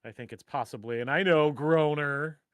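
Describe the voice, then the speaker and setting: A man's voice: a little high, moderate pace, a bit bright, clear, resonant tone, no room sound. Joking middle-aged male stream host. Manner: rambling, joking, self-deprecating. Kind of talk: casual live-stream chat.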